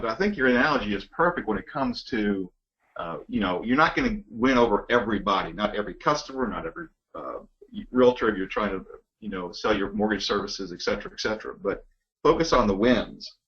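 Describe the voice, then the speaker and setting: Low-voiced reflective man, lo-fi sound. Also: brisk, a bit bright. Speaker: mortgage loan officer. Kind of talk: casual business chat. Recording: dull lo-fi.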